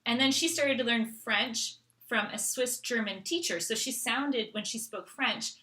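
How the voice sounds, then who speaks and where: A woman's voice: a little high, measured pace, pushed and bright. A middle-aged woman from Canada hosting a casual live Q&A, chatting and reading out viewer questions. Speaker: host.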